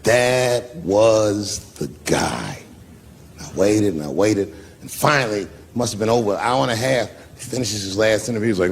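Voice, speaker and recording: A man telling a profane, animated stand-up story and acting out the people in it. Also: fairly low pitch, normal speed, long reverb tail, a little hiss or hum. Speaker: stand-up comedian.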